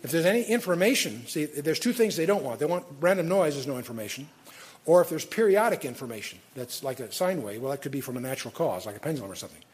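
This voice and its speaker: An older male Bible teacher lectures in a loose, conversational way, circling back and restarting his phrases as he goes. His voice sits a little high for a man and has a husky, slightly rough edge. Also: expressive, quick pace. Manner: conversational, digressive, frequent restarts and fillers.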